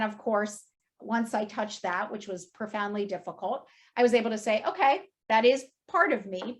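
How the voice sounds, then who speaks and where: A woman in her fifties telling a personal story at a talk, candid and emotional, with many casual fillers. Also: a little high. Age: 50s. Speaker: speaker at an industry talk.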